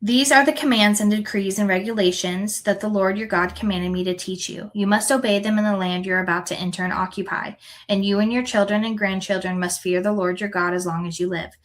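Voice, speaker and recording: A woman reading scripture aloud in an earnest, unhurried way, now and then correcting a word. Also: medium pitch, steady tone, rough recording. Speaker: scripture reader.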